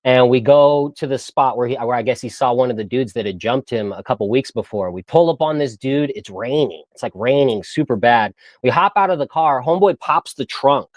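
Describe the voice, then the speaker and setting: A man's voice: mid-range voice, lively intonation, fairly quick, hardly any pauses, dry recording. A young man telling stories in a casual, slangy way and laughing often. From San Diego area. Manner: laid-back slangy storyteller, laughs often, mimics voices. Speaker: guest. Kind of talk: casual storytelling.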